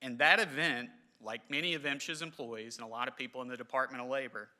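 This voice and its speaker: Emotional, halting man. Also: mid-range voice, steady tone, sharp tone. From southern West Virginia. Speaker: government official speaker. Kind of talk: memorial ceremony speech. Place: large indoor hall.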